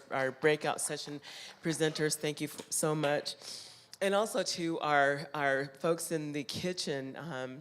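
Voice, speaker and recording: A woman chairing a church women's conference gives closing thanks in a church hall, speaking in a halting, heartfelt way with frequent ums. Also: low voice, a bit bright, slight background noise. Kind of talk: closing remarks at a church event.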